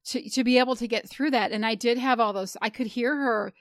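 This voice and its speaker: Chatty, higher-voiced woman host, dry sound. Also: brisk, dry recording. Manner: chatty, self-deprecating, animated. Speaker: podcast host. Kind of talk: casual podcast chat.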